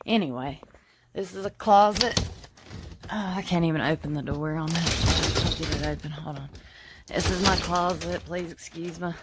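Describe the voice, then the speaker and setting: A woman's voice: low-pitched, normal speed, very noisy. A young woman films her own house on a handheld phone, talking in a frantic, rambling way and swearing a lot. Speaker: home video filmer. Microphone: phone held in hand.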